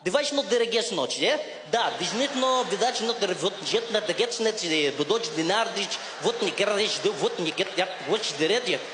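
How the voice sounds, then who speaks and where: Brief: comic doing a fast, shouty Russian phone hustler, thick accent, high voice, echoing stage. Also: male voice, fairly even intonation, gravelly, full character voice. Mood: urgent. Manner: put-on Russian accent, rapid, raised voice, gibberish pseudo-Russian. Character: Russian man on phone, shady, fast-talking. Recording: reverberant live theater with audience noise.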